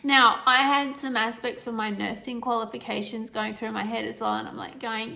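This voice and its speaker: A middle-aged woman telling a personal health story to camera, emotional and halting, with restarts and nervous laughs. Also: on the high side, flat delivery, vocal fry, sharp tone.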